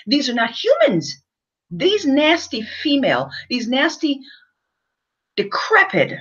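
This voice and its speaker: High, very animated woman ranting. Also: slightly rough, highs cut off. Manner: emphatic and theatrical, repeats phrases, rhetorical questions. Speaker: vlogger. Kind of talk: ranting monologue to camera.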